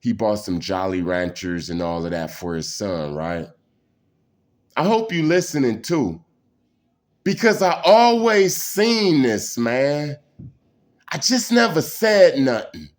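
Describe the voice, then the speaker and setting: A man's voice: mid-range voice, big pitch swings, takes it slowly. A man, telling personal stories in a rambling, intense way and saying "man" again and again. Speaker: storyteller. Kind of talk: casual personal storytelling.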